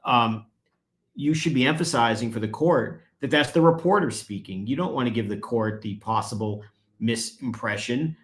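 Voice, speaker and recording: A man's voice: mid-range voice, normal speed, a bit bright. A man, a guest attorney, explaining legal procedure in conversation and growing emphatic when he presses a point.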